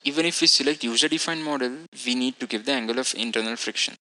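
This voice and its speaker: A man with a very bright, forceful tone walks through a technical lecture step by step. His delivery is methodical and explanatory, and he stops now and then to fix a word. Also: medium pitch, fast talker, poor audio. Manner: methodical, explanatory, self-correcting. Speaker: instructor.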